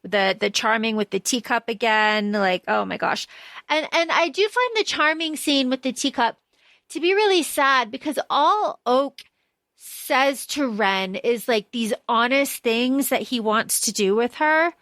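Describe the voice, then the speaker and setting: A woman's voice: fairly high pitch, lively intonation, measured pace, a bit bright, no room sound. A woman co-hosting a casual book podcast, chatty and swearing freely as she acts out characters' lines. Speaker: podcast co-host.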